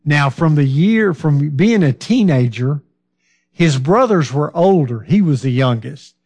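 A man preaching a Bible-study sermon, talking slowly and conversationally, asking his listeners questions and now and then losing his train of thought. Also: fairly high pitch, animated, a little mellow, slightly rough. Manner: fillers and restarts, loses his train of thought.

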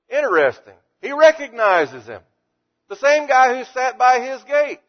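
A man's voice: very high-pitched, expressive, moderate pace, muffled recording. A man teaching through Bible verses in a conversational way, reading each passage and then explaining it. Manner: conversational, reads verses and paraphrases them. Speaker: preacher.

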